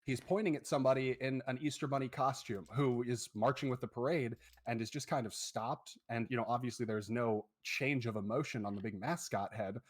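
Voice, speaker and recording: A man's voice: mid-range voice, fairly even intonation, a little fast, hardly any pauses. A man narrating a tabletop game as the game master, describing scenes in a loose, descriptive way.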